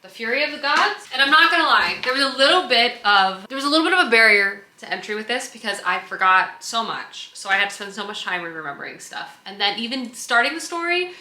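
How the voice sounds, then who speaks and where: Woman book vlogger, bright tone, roomy echo, chatty and gushing. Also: on the high side, animated, brisk, hardly any pauses. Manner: chatty and enthusiastic, many "like" fillers. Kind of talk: casual vlog chat. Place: home under construction, indoors.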